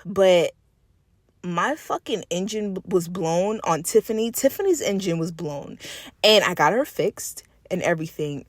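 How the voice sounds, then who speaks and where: A nail tech vlogger chats casually while doing nails, swearing freely and laughing often as she tells a story. Her voice is medium-pitched, and the recording has no echo.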